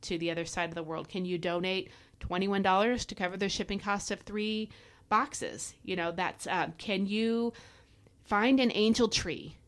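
A woman's voice: medium pitch, normal speed, fairly bright tone. A woman hosting a devotional podcast, exhorting listeners in a fervent, preachy way. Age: adult parent. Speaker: podcast host. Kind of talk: devotional Bible teaching podcast.

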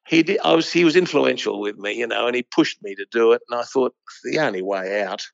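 Older horse breeder, gravelly and rambling; dry, muffled sound. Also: male voice, medium pitch, a little fast, no echo. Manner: rambling, with many restarts. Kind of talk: anecdotal interview storytelling. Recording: dull lo-fi dry recording.

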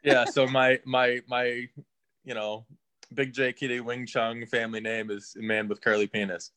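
A man's voice: medium pitch, little pitch movement, unhurried, a bit bright. A man guest on a podcast, telling a casual story and laughing as he goes. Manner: laughs through his story.

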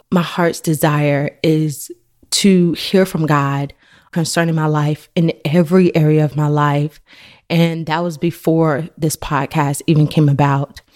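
A woman with a low, full voice hosts a faith podcast. She tells a personal story in an earnest, conversational way, like she is talking to a friend. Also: a little mellow. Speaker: podcast host.

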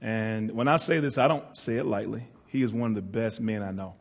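A man's voice: lowish voice, steady tone, brisk. A middle-aged man from northeastern North Carolina, preaching as a guest speaker in a church, earnest and heartfelt with playful asides to the congregation. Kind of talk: church sermon. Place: church sanctuary. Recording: hall reverb.

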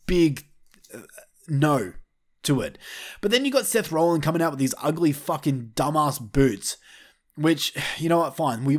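A man with a slightly raised voice tears into his subject, with frequent swearing. His delivery is blunt and opinionated, in the manner of a heated vlog rant. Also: on the high side. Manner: blunt, heavily profane, fired up. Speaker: wrestling commentator vlogger.

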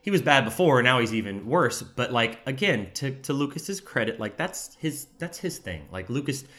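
A man telling stories in a casual chat, talking quickly and animatedly with many filler words. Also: medium pitch. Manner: fast, animated, lots of "like" fillers. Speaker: podcast guest, former reality TV contestant. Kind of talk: casual conversational storytelling.

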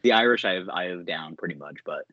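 A man's voice: low voice, animated, quick pace, sharp tone, no echo, lo-fi sound. A man co-hosting a casual podcast chat, laughing often and slipping into playful impressions. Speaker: podcast co-host.

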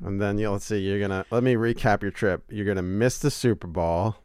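A man's voice: lowish voice, a little fast, a little mellow, clear, resonant tone, no room sound. Man, podcast co-host, casual chat, teasing, dry sound.

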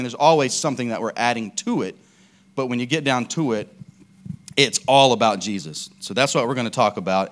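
A man's voice: lowish voice, clear, resonant tone. A man preaching a casual, conversational sermon, telling stories with lots of fillers and restarts.

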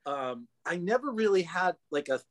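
A man being interviewed as an actor on a casual podcast, talking loosely with lots of fillers and quick laughs. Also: sits high, very animated, a bit bright, dry recording. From Boston area. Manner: chatty, laughs easily, trails off with fillers. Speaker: guest actor.

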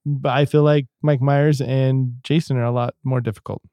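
A man's voice: medium pitch, little pitch movement, normal speed, dark tone, no room sound, studio quality. A man co-hosting a casual podcast chat, laughing often between his remarks. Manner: laughs often, drops to mock whispers. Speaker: podcast co-host.

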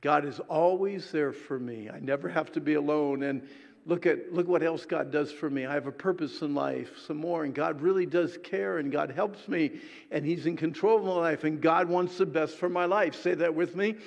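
A man preaching a sermon to a congregation, swinging between loud exhortation and hushed, intimate asides. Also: on the high side, moderate pace, vocal fry, big-room sound.

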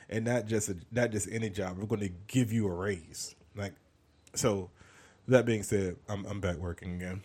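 Deep-voiced man rambling jokingly. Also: fairly even intonation, moderate pace, a little mellow. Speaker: podcast host and comedian. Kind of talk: casual monologue.

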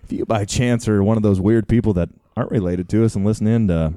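Deep-voiced, mellow young man joking around. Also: steady tone, fast, no room sound, clean studio sound. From Idaho. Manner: joking, teasing. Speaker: podcast co-host, rodeo announcer. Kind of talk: casual podcast banter. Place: home basement.

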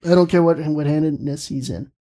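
Podcast co-host, male, somewhat higher voice, earnest and thinking out loud. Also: brisk. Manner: earnest, thinks aloud, restarts. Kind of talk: casual chat about hockey.

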